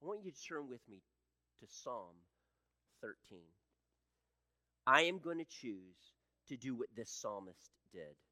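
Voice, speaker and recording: A man in his sixties preaching a sermon as pastor, swinging between loud emphatic peaks and hushed low passages. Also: sing-song, measured pace, pauses often, dry recording, studio quality. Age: 60s.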